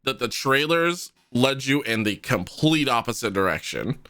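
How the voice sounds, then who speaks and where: Bright-voiced man in casual chat. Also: medium pitch, moderate pace, a little hiss or hum. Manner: animated, stumbles on starts. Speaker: podcast co-host.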